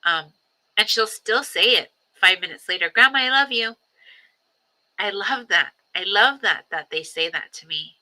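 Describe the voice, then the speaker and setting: A woman who is a grandmother, hosting a personal livestream and talking reflectively, with frequent ums, pauses and repeated phrases. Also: fairly low pitch, bright, forceful tone, poor audio. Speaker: livestream host. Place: home livestream.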